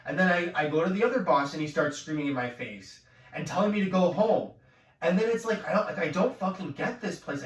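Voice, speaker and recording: A man venting in a profane rant, swearing constantly and rising to angry shouts. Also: sits high, lively intonation, brisk. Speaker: vlogger. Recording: echoey room, far from mic, noisy.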